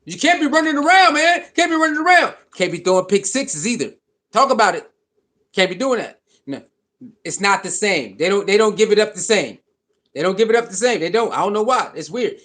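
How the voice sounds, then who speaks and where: High-voiced man hosting a casual livestream. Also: fairly quick. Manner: animated, repetitive, reads chat comments aloud. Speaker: livestream host.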